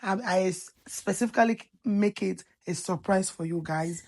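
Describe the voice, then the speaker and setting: Her voice sits in the mid-range with a darkish tone and a moderate pace. As the host of a cooking channel, she gives a casual, playful voice-over walking through every step, laughing and teasing her viewers as she chats.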